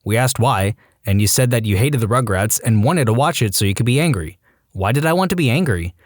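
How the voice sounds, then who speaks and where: A man reading online stories aloud as a scripted narration, animated and given to comic rants. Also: medium pitch, a little fast, no echo, studio quality. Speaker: story narrator.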